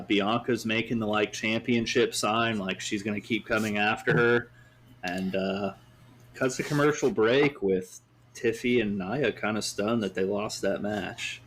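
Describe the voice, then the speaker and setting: A man's voice: medium pitch, slight background noise. A man hosting a podcast, recapping a wrestling show in a casual, rambling way full of fillers. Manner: rambling, with many fillers and hedges. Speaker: podcast host.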